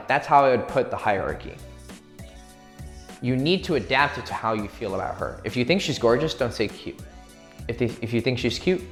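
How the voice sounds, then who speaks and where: Dating coach, a crude, cocky man talking straight to camera, echoey room with faint music behind. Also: medium pitch. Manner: brash, crude and swaggering, acts out quick pick-up lines. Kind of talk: profane, direct dating advice.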